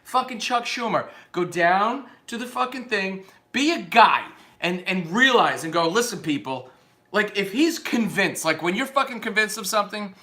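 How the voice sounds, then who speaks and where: A man's voice: sits high, lively intonation, moderate pace, pushed and bright. A man delivering an unscripted, profane, combative rant that rambles from point to point.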